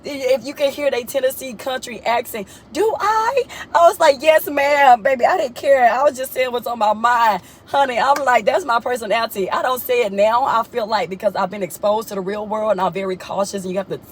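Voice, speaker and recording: A young woman telling a personal story in a casual vlog, animated and colloquial, repeating herself and talking straight to viewers. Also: fairly quick, hardly any pauses, slight background noise. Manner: animated, expressive, often jumps high in pitch when excited. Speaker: vlogger.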